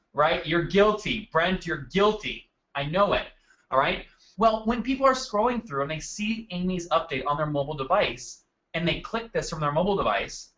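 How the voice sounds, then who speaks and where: A man's voice: a little high, a bit bright, lo-fi sound. A man hosting a live marketing webinar, talking energetically and calling out attendees by name from his desk. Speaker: webinar host. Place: home desk.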